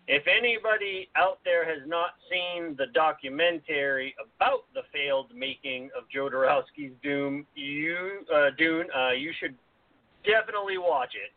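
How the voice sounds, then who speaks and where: A man's voice: fairly high pitch, animated, measured pace, no room sound. Man on a tinny phone-like line. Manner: laughs often, hesitant restarts. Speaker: podcast co-host. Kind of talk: casual chat. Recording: tinny phone-like dry sound.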